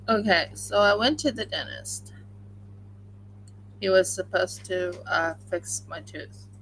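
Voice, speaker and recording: A woman's voice: mid-range voice, very animated, takes it slowly, long pauses, a little hiss or hum, poor audio. A woman hosting a crafting livestream, chatting casually and rambling with many fillers while she crochets at home.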